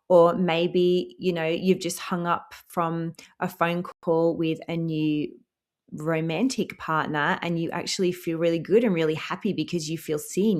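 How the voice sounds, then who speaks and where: Lower-pitched woman guiding a self-help podcast. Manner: earnest, repeats soothing affirmations, slows for guided breathing. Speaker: podcast host.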